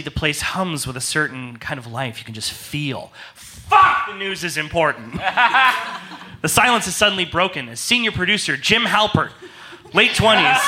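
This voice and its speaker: A man's voice: high voice, background noise. A man reading the narration and stage directions of his own comedy script in a playful, mock-dramatic way. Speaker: writer and narrator.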